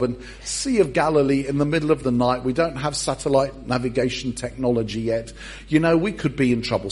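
A preacher acting out worried fishermen who politely plead to stay ashore. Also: male voice, mid-range voice, slightly rough. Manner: fretful, overly polite.

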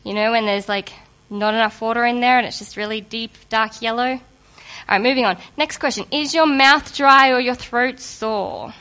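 A woman giving a sermon to a congregation in a lively, conversational and humorous way, just getting over a cold. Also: fairly high pitch, normal speed, clear, resonant tone. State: recovering from a cold. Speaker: preacher.

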